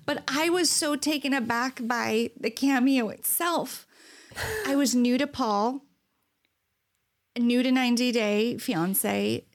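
A woman's voice: fairly high pitch, slow pace. A woman co-hosting a podcast in casual chat, telling stories with lots of laughter and acted-out quotes. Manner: animated storyteller, laughs often, acts out quotes. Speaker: podcast co-host.

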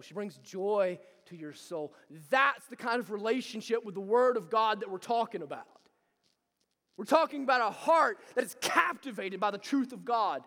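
A man's voice: high voice, expressive, normal speed, pushed and bright, big-room sound. A man preaching a sermon, emphatic and repetitive, building intensity as he talks.

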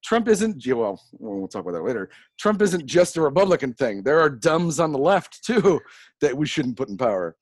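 Lively podcast host with dry sound. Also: medium pitch, normal speed, dry recording. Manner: laughing, profane, wry banter. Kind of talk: casual chat.

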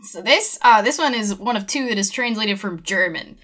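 A woman's voice: mid-range voice, lively intonation, normal speed, a bit bright, faint music behind. A woman co-hosting a podcast, reading out reviews and chatting in a dry, matter-of-fact way. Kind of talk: casual chat.

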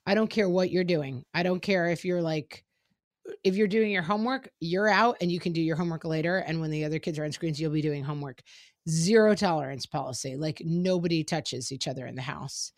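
A middle-aged woman chatting frankly about parenting, quoting her kids in quick asides. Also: low voice, dry recording, studio quality. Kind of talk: casual chat about parenting.

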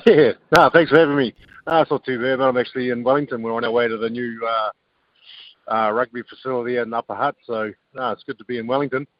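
Fast-talking New coach on a dull line. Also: male voice, medium pitch, fairly even intonation, dry recording. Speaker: rugby coach, interview guest. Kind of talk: radio interview over the phone.

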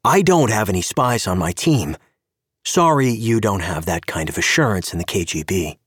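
A man playing a gruff, cynical male spymaster in an audio story, snappish and sarcastic. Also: on the low side, lively intonation, moderate pace, dry recording, studio quality.

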